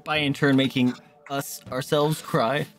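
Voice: mid-range voice, level tone, a little slow, loud music behind the voice. A gamer in casual banter on a co-op stream, teasing the partner and swearing freely. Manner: joking, teasing, frequent swearing.

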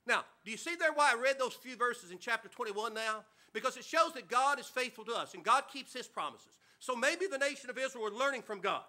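A man's voice: extremely high pitch, animated, fast talker, few pauses, pushed and bright. A man preaching a sermon in church, asking the congregation repeated questions and calling for amens. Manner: preaching with call-and-response questions. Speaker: pastor. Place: church sanctuary.

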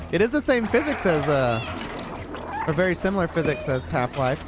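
A young man giving live gameplay commentary as a streamer, with sudden loud excited exclamations between quieter musing. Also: sits high, moderate pace, over music. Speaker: gaming streamer.

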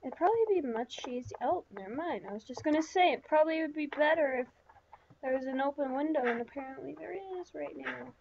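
A woman's voice: high voice, expressive, a little fast, gravelly, a little mellow, lo-fi sound, slight background noise. A woman giving chatty, rambling let's-play commentary, talking to herself with lots of fillers. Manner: rambling, chatty self-talk with many fillers. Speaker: gaming channel host.

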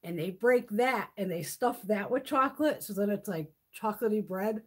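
Hosting a beauty livestream, a middle-aged woman talks casually, spins animated anecdotes and curses without restraint. She speaks at a normal speed with a husky, medium-pitched voice.

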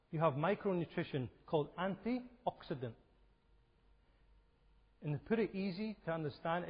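A man's voice: on the high side, breathy edge. A man giving a health seminar talk in a church, conversational and asking his audience questions. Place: church hall. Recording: lo-fi recording with hall reverb.

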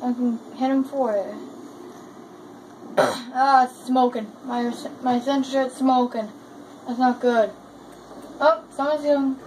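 A high-voiced woman chats through her gameplay at an unhurried pace, breaking into excited exclamations. The capture is noisy, with game sounds underneath. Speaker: gamer. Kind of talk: casual gameplay commentary.

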